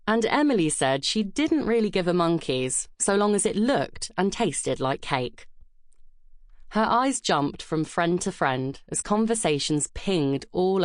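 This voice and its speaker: A woman narrating an audiobook in a measured, gentle storytelling manner. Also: on the low side, no echo, studio quality. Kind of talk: scripted narration.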